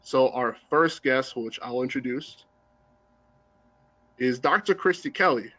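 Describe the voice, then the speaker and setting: A man's voice: medium pitch, unhurried, pushed and bright, no room sound, poor audio. A young man hosting a student panel over a video call, introducing guests earnestly and politely. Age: young adult. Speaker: student host. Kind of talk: hosted panel talk.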